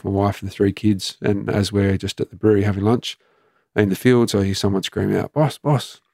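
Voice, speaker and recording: In a low, gravelly yet warm voice, a middle-aged Australian former police commander tells his story during an interview. He's plain and matter-of-fact, restarting haltingly, and the studio-quality recording is dry.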